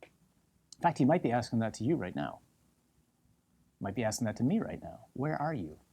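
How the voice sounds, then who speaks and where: Husky-voiced priest preaching with emphatic repetition. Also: male voice, mid-range voice, very animated, moderate pace. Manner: emphatic, repeating phrases in lists; drops to soft, intimate tone when voicing God's call. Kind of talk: sermon.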